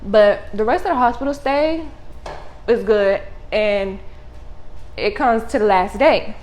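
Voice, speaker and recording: A young adult woman telling a story to her vlog audience in a casual, animated, blunt way, full of slang and swearing. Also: medium pitch, takes it slowly, a little hiss or hum, low-quality recording. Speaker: vlogger.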